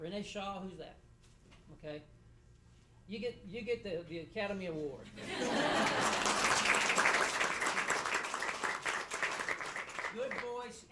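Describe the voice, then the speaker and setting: A middle-aged male judge speaks in a fairly high voice, and his words echo around a courtroom because he is some way from the mic. He gives students feedback in halting bursts, repeating words and slipping in dry jokes. A faint room hum sits under his voice. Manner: halting and repetitive, with dry humor. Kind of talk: spoken feedback to students after a mock trial. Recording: echoey room, voice from a distance.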